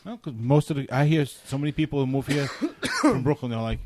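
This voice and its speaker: A man's voice: mid-range voice, big pitch swings, brisk, darkish tone, slight background noise. A man, co-hosting a casual podcast and telling a long story, checking in with his listeners as he goes. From New York. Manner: storytelling, keeps checking in with "right?". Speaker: podcast co-host.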